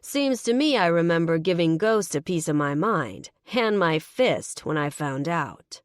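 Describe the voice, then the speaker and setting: A bearded biker man, voiced by a woman, hearty and folksy as he raises a toast. The voice sits low and dry, with no room sound around it. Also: sing-song, unhurried, no echo. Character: bearded male biker, big brother giving a toast.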